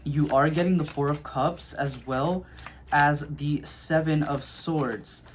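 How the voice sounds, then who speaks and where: Man with a slightly high voice for a relaxed, chatty tarot reading to camera. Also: takes it slowly, slight background noise. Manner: chatty, filler-heavy, checks in with "okay?". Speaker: tarot reader.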